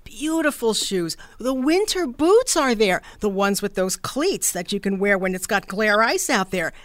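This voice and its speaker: A woman's voice: mid-range voice, lively intonation, a little slow, dry recording. A woman radio host, chatting enthusiastically through an ad read. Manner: enthusiastic, conversational.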